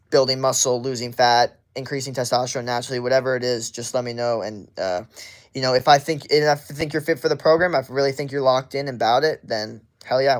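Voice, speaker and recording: A young man working as a fitness coach, talking in a casual livestream and giving rambling advice full of fillers and little acted quotes. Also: mid-range voice.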